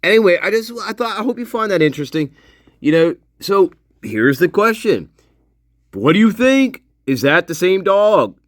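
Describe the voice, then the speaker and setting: Sarcastic man, lively dry voice. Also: high-pitched, moderate pace, no room sound. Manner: sarcastic and profane, laughs often. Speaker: online commentator. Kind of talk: casual commentary over video footage.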